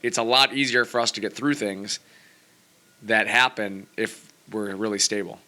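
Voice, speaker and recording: A man's voice: on the low side, fairly even intonation, moderate pace, bright, forceful tone. A man hosting a podcast in casual chat, rambling and packing his talk with fillers like "you know" and "like". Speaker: podcast host.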